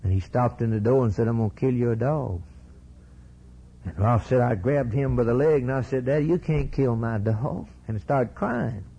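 A man preaching a sermon, telling a story and swinging from low drawn-out lines to sudden high shouted peaks. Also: creaky, slightly rough, lo-fi sound.

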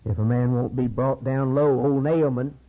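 A man preaching a sermon in a repetitive cadence, swinging between low murmurs and high, urgent cries. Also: steady tone, moderate pace. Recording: dull lo-fi sermon recording.

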